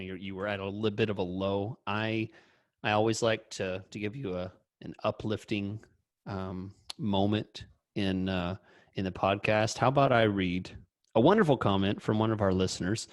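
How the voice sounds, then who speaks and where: Low-voiced upbeat man hosting a podcast. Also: dry recording, studio quality. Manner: upbeat, chatty, hesitant restarts. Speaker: podcast co-host. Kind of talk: casual podcast chat with ad reads.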